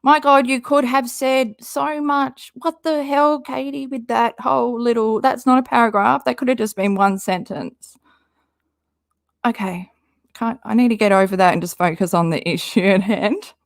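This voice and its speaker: Gravelly exasperated woman reading posts aloud. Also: on the high side, fairly even intonation, moderate pace, no room sound, clean studio sound. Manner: exasperated, rambling, swears freely. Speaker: commentary YouTuber.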